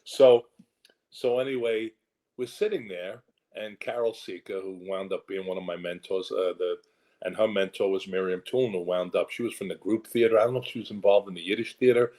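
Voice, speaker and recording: A man's voice: lowish voice, steady tone, moderate pace, darkish tone, poor audio. An older man with a New York accent, a guest actor telling rambling stories in a casual interview and acting out the voices he quotes.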